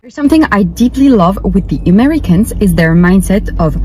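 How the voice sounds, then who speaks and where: A woman's voice: medium pitch, animated, a little fast, few pauses, low-quality recording. Earnest woman, faint background noise. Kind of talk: candid personal talk.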